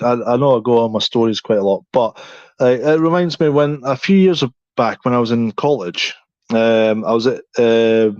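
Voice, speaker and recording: A man co-hosts a podcast, chatting casually at medium pitch and rambling with frequent restarts and "you know what I mean." The recording is dry and slightly dull.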